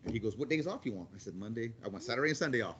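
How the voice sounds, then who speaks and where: A man's voice: mid-range voice, expressive, very fast, fairly bright tone, highs cut off, a little hiss or hum. A man in his forties, a guest speaker and construction manager, telling rambling, blunt stories in a casual way with many restarts. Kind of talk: casual storytelling to a class.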